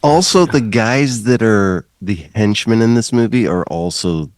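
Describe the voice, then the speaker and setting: A man's voice: on the low side, lively intonation, measured pace, a little mellow, no echo, studio quality. A man co-hosting a podcast, tossing off wry jokes in a casual movie chat. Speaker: podcast co-host.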